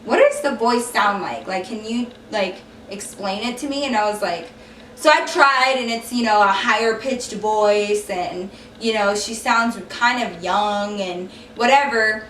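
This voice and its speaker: A woman's voice: medium pitch, a little slow, fairly bright tone, a little hiss or hum. A young woman telling a casual storytime vlog, chatty and frank, swearing freely. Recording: echoey room, mic a little far off.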